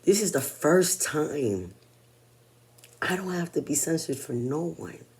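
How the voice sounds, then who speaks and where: A woman's voice: deep voice, lively intonation, slow, a little mellow, slight background noise. A woman in her forties talking in a personal vlog monologue, blunt and candid, swearing freely. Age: 40s. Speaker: vlogger.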